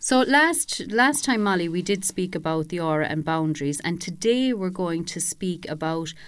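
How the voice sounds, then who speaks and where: A woman's voice: lowish voice, expressive, moderate pace, clean tone, no echo. A woman hosting a local radio interview, friendly and conversational. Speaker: radio host.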